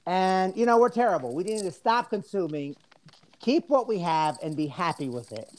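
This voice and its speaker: A woman's voice: fairly low pitch, expressive, normal speed, natural voice. A woman voicing a mock-serious debater in a put-on Southern accent, pleading cynically as if in court. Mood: ranting. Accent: put-on American Southern.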